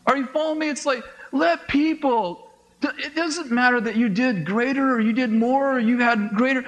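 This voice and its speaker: A middle-aged man, a pastor, preaching a conversational sermon with quick asides, acted-out dialogue and laughs. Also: extremely high pitch, a bit bright, low-quality recording.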